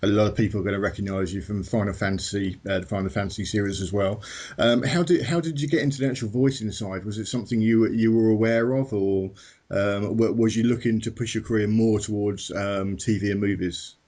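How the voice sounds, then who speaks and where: A man's voice: lowish voice, fairly even intonation, fairly quick, a little mellow. A man interviewing a guest over a conference call, asking easygoing, rambling questions.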